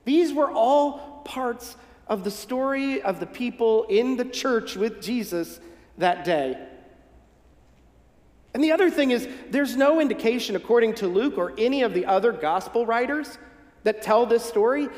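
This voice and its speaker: High-voiced man preaching in an echoing hall. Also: expressive, normal speed. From northern United States. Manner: conversational, folksy, gently humorous. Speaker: pastor. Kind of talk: sermon. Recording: echoey hall with long reverb.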